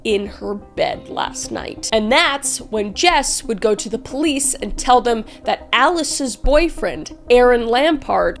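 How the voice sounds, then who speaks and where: A woman's voice: a little high, creaky. A woman telling a true-crime story in a chatty, profane way, with frequent asides to the viewer.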